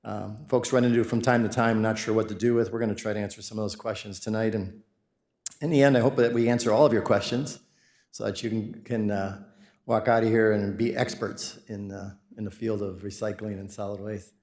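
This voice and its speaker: A man's voice: lowish voice, fairly even intonation, fairly quick, a little mellow. Rambling man presenting in an echoey room. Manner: friendly, rambling, frequent fillers and restarts. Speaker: company presenter at a city meeting. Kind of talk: public presentation to residents. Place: city council chamber.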